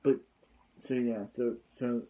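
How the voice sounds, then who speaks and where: A man's voice: mid-range voice, level tone, takes it slowly, highs cut off. A man casually recapping a TV episode, rambling with constant fillers and restarts. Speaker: TV episode reviewer.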